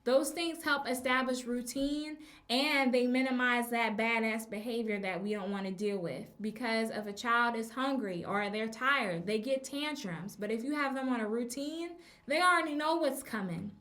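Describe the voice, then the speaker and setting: A woman speaks as a teacher hosting a casual advice podcast. Her voice sits a little high, and she talks in a chatty way with frequent ums. She slows down to stress key words. The room has a noticeable echo. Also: a bit bright. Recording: echoey room.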